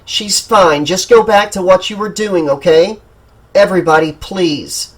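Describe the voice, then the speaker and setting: Man reading a soothing woman teacher, husky, calm, audiobook. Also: fairly high pitch, measured pace, full character voice. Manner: soothing, wry.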